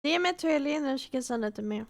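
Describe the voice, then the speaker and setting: A woman's voice: sits high, lively intonation, very fast. A woman livestreamer chatting casually with her viewers, greeting them by name and teasing them with plenty of swearing. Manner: profane, teasing banter with chat. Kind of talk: casual live-stream chat.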